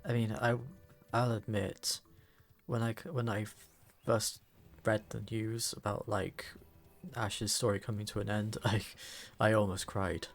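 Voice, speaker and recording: A man streaming a game, talking casually in halting bursts and laughing between words. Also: lowish voice, flat delivery, faint music behind. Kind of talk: casual let's play commentary.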